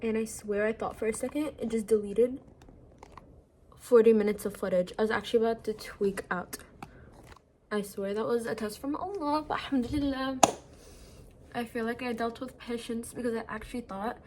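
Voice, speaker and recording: Her voice sits fairly high yet has a darkish tone, with fairly even intonation at normal speed and a little hiss or hum. A young adult vlogger, she chats earnestly to her phone camera while seated at home late at night, packing in "like" fillers.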